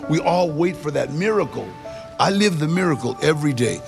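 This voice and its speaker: A man telling his life story in a lively, conversational way, acting out the quotes from the people in it. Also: a little high, a little fast, over music. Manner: gravelly, animated storytelling with acted quotes. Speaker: storyteller guest. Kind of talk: personal storytelling.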